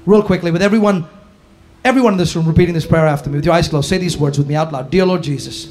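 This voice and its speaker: High-voiced preaching pastor, impassioned. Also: male voice, steady tone, rapid-fire, soft background music. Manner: impassioned preaching, swinging from shouts to hushed tones. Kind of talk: sermon. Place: church hall before a congregation.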